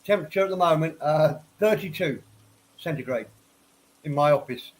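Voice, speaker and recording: A man's voice: fairly high pitch, normal speed, low-quality recording. Stuffed-up rambling man on a stream. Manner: rambling, repeats words and restarts often; tipsy after a few whiskeys. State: stuffed up from a head cold. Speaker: livestream host. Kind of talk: casual livestream chat. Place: home office.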